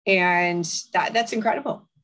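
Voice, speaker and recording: A woman's voice: fairly low pitch, unhurried, a bit bright. Woman hosting a faith podcast, prays over listeners, encouraging declarations. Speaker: podcast host. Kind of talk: podcast talk and prayer. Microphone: podcast mic.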